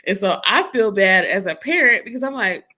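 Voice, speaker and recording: An animated woman chatting on a motherhood podcast. She tells family stories with expressive delivery and jumps into different voices for the people in them. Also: mid-range voice, a little fast. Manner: animated storyteller, acts out her son's voice. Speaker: podcast co-host. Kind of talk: casual chat.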